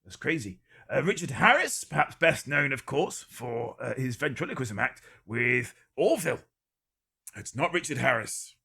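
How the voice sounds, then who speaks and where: A man with a gravelly, slightly husky voice runs a casual live-stream quiz. His tone is bright and forward, and his joking stays dry and deadpan as he rattles off one guess after another. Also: mid-range voice, moderate pace. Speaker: livestream quiz host.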